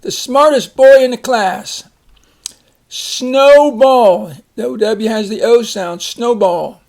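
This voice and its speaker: A man teaching a phonics lesson, slowly reading words, splitting syllables and giving example sentences. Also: very high voice, a little mellow. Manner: slow, deliberate, repeats each word and splits syllables.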